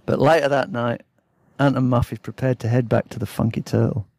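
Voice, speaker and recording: A man's voice: mid-range voice, steady tone, fairly quick, a little mellow, no room sound. A man telling a story in a casual, blunt way, swearing freely.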